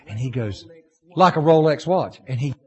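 A male pastor preaching a sermon, telling stories and swinging between loud bursts and low asides. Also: animated, moderate pace, husky, highs cut off.

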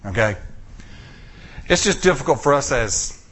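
An American man preaching a sermon, retelling a scripture story with drawn-out pauses and acted-out character lines. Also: mid-range voice, slightly rough. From United States. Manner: storytelling, acting out characters' lines in lively voices.

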